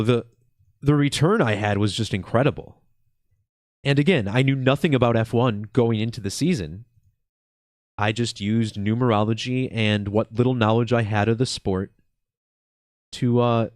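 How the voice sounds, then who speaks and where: A congested man hosts his own channel in a relaxed, slow chat, full of ums and restarts. His voice sits at an ordinary middle pitch. The sound is dry and close, with no room around it. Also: no room sound. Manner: relaxed, slow and chill, with many fillers. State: congested from a cold. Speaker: channel host. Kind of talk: casual video commentary.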